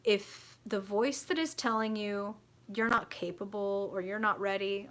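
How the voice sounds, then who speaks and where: A woman's voice: medium pitch, measured pace, a bit bright. A young adult woman hosting a live tarot reading, chatty and frank, swearing freely and answering viewer comments.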